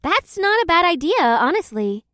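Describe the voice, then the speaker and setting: A man's voice: extremely high pitch, sing-song, normal speed, bright, forceful tone, dry recording, clean studio sound, voice pushed up, heavily acted. A man voicing an eager, earnest young woman who is a college student.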